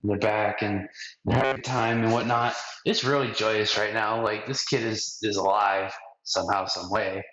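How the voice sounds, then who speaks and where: A low-voiced man loosely recapping an episode in slangy, rambling talk. The sound is echoey and muffled, like a lo-fi podcast in a bare room. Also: steady tone, normal speed, fairly bright tone. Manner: rambling and slangy, acts out quotes. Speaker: podcast host recapping an anime. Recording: roomy, dull lo-fi podcast audio.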